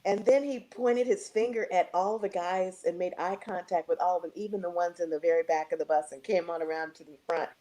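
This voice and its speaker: A woman's voice: fairly low pitch, fairly even intonation, a little fast, few pauses, warm tone. A woman jazz vocalist telling a heartfelt story on a video call. She acts out the quotes and laughs often. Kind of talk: emotional storytelling.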